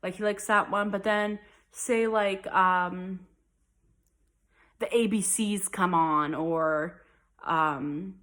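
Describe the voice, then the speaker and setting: Young adult woman, mom vlogger, casual rambling delivery, middle pitch. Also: steady tone, takes it slowly, fairly bright tone. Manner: chatty and rambling, many likes and ums. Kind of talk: casual chat.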